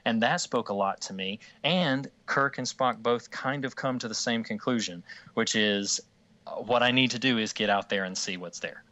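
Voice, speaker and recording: A man's voice: medium pitch, moderate pace, bright, forceful tone, no echo, muffled recording. A man in a casual discussion, earnest and emotional, rambling with many restarts.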